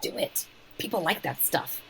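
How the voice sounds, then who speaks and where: A woman's voice: moderate pace, pushed and bright, slight background noise, rough recording. A woman co-hosting a podcast, bubbly and encouraging, talking casually over a remote call. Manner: bubbly, laughs often, encouraging. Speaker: podcast co-host. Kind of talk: casual interview chat.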